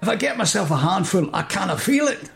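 A man voicing Bob, a squeaky-voiced adventurer in a comic audio story, scolding a friend. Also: big pitch swings, brisk, creaky, a bit bright, exaggerated voice. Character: squeaky male hologram-loving adventurer Bob.

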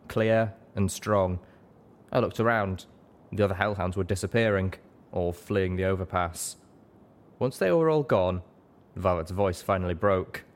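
A man reading fan fiction aloud as an audiobook narrator, steady and deliberate. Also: sits low, a little hiss or hum. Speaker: audiobook reader.

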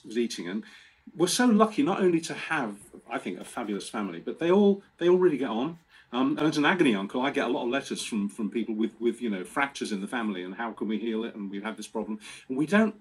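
A man in his sixties telling family stories in a chatty, animated way as a guest. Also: mid-range voice, breathy edge. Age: 60s. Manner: chatty, animated storyteller with restarts. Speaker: guest presenter. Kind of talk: casual storytelling.

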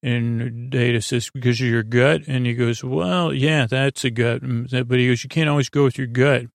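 Brief: male podcast host, gravelly, flat delivery, casual rambling recap. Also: mid-range voice, moderate pace, no room sound, clean studio sound. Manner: rambling, many fillers and restarts.

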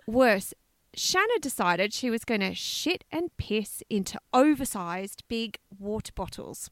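Woman, podcast co-host, casual storytelling, lively up-and-down voice, fairly high. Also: unhurried, no room sound, clean studio sound. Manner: animated, swears freely, laughs while telling.

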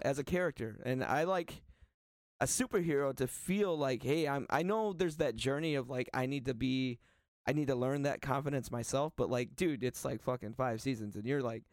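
Animated rambling man, dry mic. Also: medium pitch, moderate pace, no echo. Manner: rambling, animated, swears freely. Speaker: podcast co-host. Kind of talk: casual chat.

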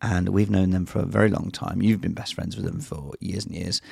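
Gravelly podcast host man, animated. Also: low voice, fairly quick, dry recording, studio quality. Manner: animated storyteller, swears, acts out voices. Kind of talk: casual chat.

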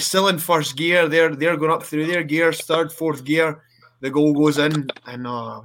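Man, bright, slightly high voice, rambling guest storyteller on a call. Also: level tone, normal speed, slight background noise. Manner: storytelling, lots of restarts, laughs often. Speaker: guest wrestler. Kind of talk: casual podcast chat. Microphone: video call.

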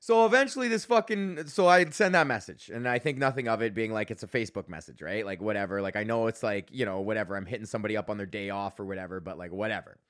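A man's voice: lowish voice, fast talker, hardly any pauses, a bit bright. A young man hosting a podcast, telling a story in a casual rambling rant full of swearing, fillers and restarts. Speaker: podcast host. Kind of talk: casual ranting monologue.

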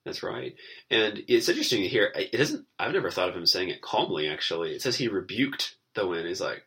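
A man co-hosting a casual Bible study podcast, thoughtful and animated, laughing now and then. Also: lowish voice, brisk. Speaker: podcast co-host.

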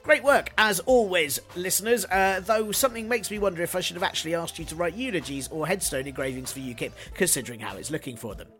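Male podcast host with a high-ish voice, dry sardonic delivery, faint music behind. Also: quick pace, hardly any pauses, fairly bright tone. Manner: sardonic, jokey asides. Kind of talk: scripted solo podcast segment.

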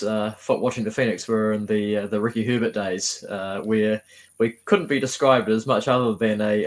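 Low-voiced, hesitant podcast co-host man. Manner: hesitant, repeats words while thinking. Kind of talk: casual fan podcast chat.

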